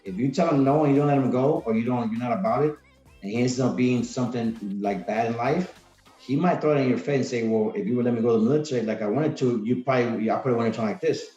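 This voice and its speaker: A man's voice: medium pitch, fast talker, dark tone, soft background music. A man about forty, a retired Marine guest on a podcast, telling stories in a rambling, casual way full of restarts. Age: 40s. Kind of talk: casual interview chat. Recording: roomy, dull sound.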